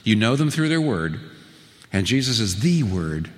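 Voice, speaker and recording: A man preaching a sermon, asking rhetorical questions and slowing down for emphasis. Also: fairly low pitch, in a large hall. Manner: rhetorical questions, slow emphatic phrasing, rising to lively peaks.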